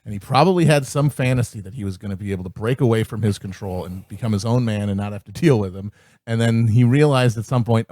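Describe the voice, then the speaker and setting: A man co-hosting a podcast, riffing in a sardonic, quick way. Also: lowish voice, darkish tone, no room sound, studio quality. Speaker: podcast co-host. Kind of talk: casual comedic chat.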